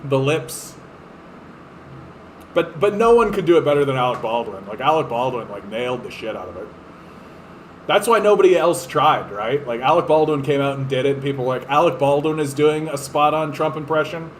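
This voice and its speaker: A man's voice: medium pitch, expressive, fast, a little hiss or hum, poor audio. A man hosting a political podcast, ranting in a profane, fired-up way with lots of fillers. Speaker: podcast host. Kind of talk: political commentary rant.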